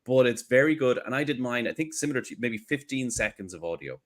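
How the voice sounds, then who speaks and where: A man co-hosting a podcast in casual chat, animated and joking, who laughs often. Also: mid-range voice, fast. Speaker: podcast co-host.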